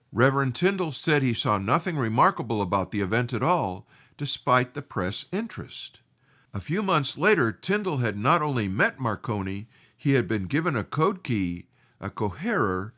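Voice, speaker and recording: Guy reading a history bit for a radio show, voice goes up and down a lot, steady careful pace. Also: medium pitch. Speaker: history segment presenter. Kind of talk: scripted narration.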